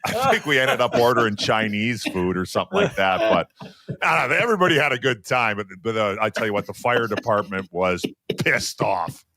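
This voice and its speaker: A man's voice: on the low side, brisk. A man in his forties from Western Canada, a former hockey player and podcast co-host, telling stories casually and acting out quotes. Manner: animated storyteller, acts out quotes. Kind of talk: casual storytelling.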